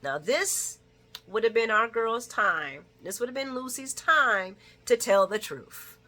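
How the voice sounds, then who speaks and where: Chatty woman host, bright voice, casual recap with frequent laughs and quoted lines. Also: animated, slow. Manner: chatty, laughs often, acts out characters' lines in a higher voice. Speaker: soap opera recap vlogger.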